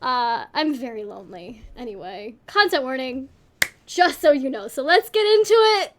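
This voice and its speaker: A high-pitched woman co-hosting a casual storytelling panel. She rambles, jokes at her own expense and gets animated as she goes. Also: normal speed, noisy background. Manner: rambling, self-deprecating, animated. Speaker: panel co-host.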